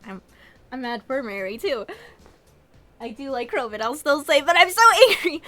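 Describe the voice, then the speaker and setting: A woman's voice: sits high, very animated, normal speed, long pauses. A woman streamer chatting casually about a game she plays, with many "like"s and laughs. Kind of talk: casual gameplay commentary.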